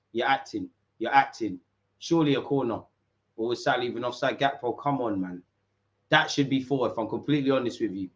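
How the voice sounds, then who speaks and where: A man's voice: medium pitch, highs cut off. Banter-heavy man commentating a match. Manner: banter-heavy, mocking rival fans in street slang, bursts into shouts at big moments. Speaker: football watch-along streamer. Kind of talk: excitable live match commentary.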